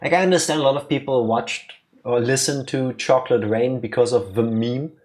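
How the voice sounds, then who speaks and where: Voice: mid-range voice, a little fast, a little mellow. A let's play co-host chatting casually and joking, rambling along with stammered restarts. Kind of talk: casual commentary chat.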